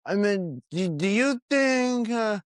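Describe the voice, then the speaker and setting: A man co-hosting a casual podcast, talking haltingly with lots of pauses and restarts. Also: high-pitched, expressive, clear, resonant tone, dry recording, clean studio sound. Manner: hesitant, many fillers and restarts. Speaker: podcast co-host. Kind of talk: casual chat about wrestling predictions.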